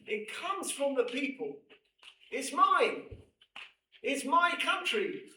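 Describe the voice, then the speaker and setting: A man's voice: extremely high pitch, takes it slowly, slight background noise. A man teaching a Torah class, reading aloud and explaining with emphatic, repetitive bursts. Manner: animated, emphatic, repeats phrases, reads aloud in Hebrew. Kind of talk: lecture to students. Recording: echoey room, mic at a distance.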